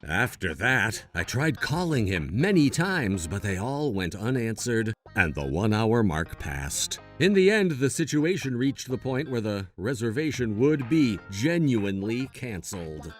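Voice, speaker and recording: An earnest young man narrates a dramatic first-person story and pleads in his own scenes. He speaks slowly, and his pitch moves a lot. Faint music plays beneath him. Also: sing-song.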